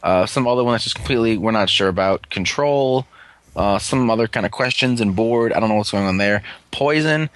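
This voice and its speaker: A man's voice: on the low side, a little fast, a bit bright. A man hosting a casual chat, reading through a long list with offhand jokes. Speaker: host. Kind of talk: casual toy-review chat.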